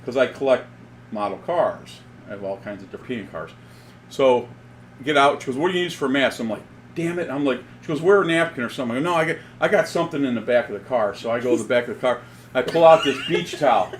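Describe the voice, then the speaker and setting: Male co-host, casual storyteller, animated, laughs through his lines, mid-pitched. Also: quick pace, a little hiss or hum. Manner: animated storyteller, laughs often, acts out dialogue. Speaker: podcast co-host.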